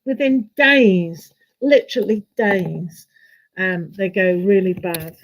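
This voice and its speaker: A woman's voice: medium pitch, slow pace, a little hiss or hum, rough recording. A woman hosting a live tarot stream, chatty and self-mocking, laughing often as she talks. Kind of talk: casual live stream chat.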